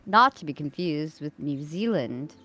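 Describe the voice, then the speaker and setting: A woman streamer chatting casually on a live stream, telling stories in a giggly, animated way. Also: sits low, a little slow.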